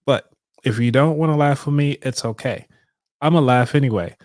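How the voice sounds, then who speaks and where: A live show's host, a man with a mid-range, slightly mellow voice, talks at a normal speed in a casual, upbeat way and laughs often. The recording is studio quality with no room sound.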